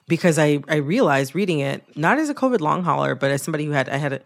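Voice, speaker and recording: A woman hosting a radio interview, speaking in a reflective, conversational way that thinks aloud with pauses. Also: sits low, animated, gravelly. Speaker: radio show host.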